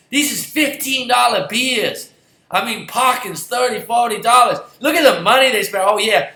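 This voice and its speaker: A man's voice: high-pitched, bright, forceful tone. A man and football fan ranting in a heated, sarcastic way, swearing and repeating himself. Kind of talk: angry ranting vlog. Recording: roomy echoey recording.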